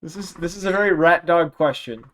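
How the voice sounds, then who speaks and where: A game master narrating a tabletop game at an unhurried pace, amused and laughing often. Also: medium pitch, a bit bright, a little hiss or hum. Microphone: home mic on a stream.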